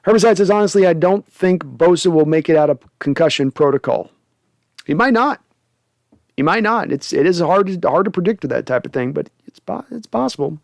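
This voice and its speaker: Chatty higher-voiced male livestream host. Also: brisk, vocal fry, no echo. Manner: animated, jokey, reads chat aloud. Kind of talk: casual livestream chat reading viewer comments.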